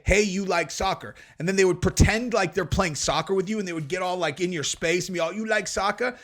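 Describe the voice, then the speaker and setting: A man hosting a podcast, telling stories and commenting in a brash, animated, profane way. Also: a little high. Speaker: podcast host.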